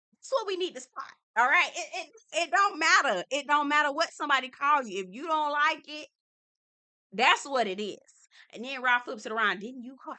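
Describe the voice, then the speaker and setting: A young woman chats through a reality TV recap. Her voice sits a bit high and sounds bright. She is animated and expressive, acting out quotes with lots of laughter. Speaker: TV recap host.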